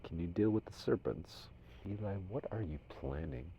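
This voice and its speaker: A man from Minnesota talking casually to unseen spirits as a medium, rambling and shifting between loud commands and soft whispers. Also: low-pitched, expressive, moderate pace, a little hiss or hum. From Minnesota, USA.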